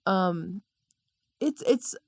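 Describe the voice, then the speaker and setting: Gravelly-voiced Southern woman chatting. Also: mid-range voice, animated, very slow, a little mellow, dry recording, studio quality. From American South. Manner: chatty, hedging with frequent "like". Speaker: podcast co-host. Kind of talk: casual film chat.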